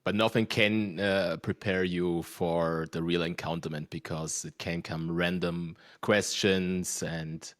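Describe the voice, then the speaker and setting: Give me a very low-voiced man, a native German speaker, hosting an interview and asking hesitant questions. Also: fairly even intonation, slow, few pauses, fairly bright tone, dry recording, studio quality. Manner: hesitant, searching for words. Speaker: host.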